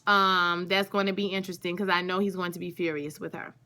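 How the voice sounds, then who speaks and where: Bright-voiced woman recapping a show. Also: fairly low pitch, little pitch movement, brisk. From Louisiana. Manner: chatty and gushing, often calls out to viewers. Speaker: TV show reviewer. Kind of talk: casual recap vlog.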